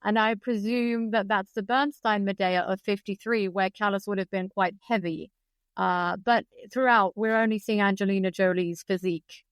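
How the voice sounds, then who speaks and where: A woman's voice: mid-range voice, steady tone, moderate pace, clear, resonant tone, dry recording. A woman from Britain, a guest biographer on a podcast, speaking in an articulate, precise and opinionated way. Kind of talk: podcast discussion.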